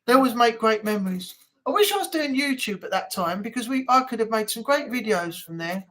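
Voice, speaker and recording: A woman's voice: on the high side, expressive, fairly quick, fairly bright tone. Chatty woman hosting a live stream. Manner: rambling, chatty, many ums. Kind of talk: casual live chat.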